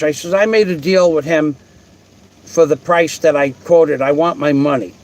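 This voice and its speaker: An older man with a fairly high voice tells a long story in casual, blunt terms. He curses freely and keeps restarting his sentences as he rambles on. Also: normal speed.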